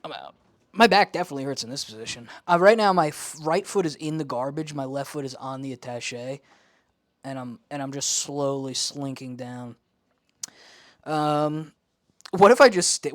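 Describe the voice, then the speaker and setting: A young man rambling to camera in his home office, self-mocking, jumping between loud lines and mumbled asides. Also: medium pitch, lively intonation, normal speed, no room sound, clean studio sound. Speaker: vlogger. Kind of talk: rambling casual vlog talk to camera. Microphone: camera he holds and turns.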